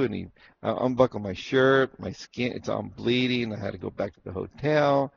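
A man's voice: mid-range voice, normal speed, vocal fry. A man from Arizona, a former jockey, telling stories from his racing days in a casual interview and acting out what people said. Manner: animated storyteller who acts out what was said. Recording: dull lo-fi recording with faint noise.

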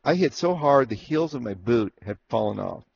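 A former jockey from Arizona, a man with a mid-range, gravelly voice, tells stories from his racing days at a normal speed in a casual interview. He's an animated storyteller who acts out what people said. The recording is dull and lo-fi with faint noise.

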